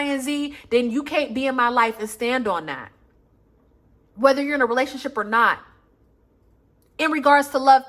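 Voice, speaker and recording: A woman's voice: high-pitched, a bit bright. A woman reading tarot cards for her viewers, blunt and emphatic, swearing freely and calling listeners baby and honey. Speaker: tarot reader. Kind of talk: casual tarot reading vlog.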